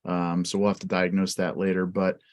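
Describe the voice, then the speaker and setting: Co-hosting a live Q&A over a video call, a man chats casually in this live-stream, packing his talk with fillers, lots of "like," and motivational asides. His voice sits low and is monotone and darkish, moving a little fast. He comes across as talkative.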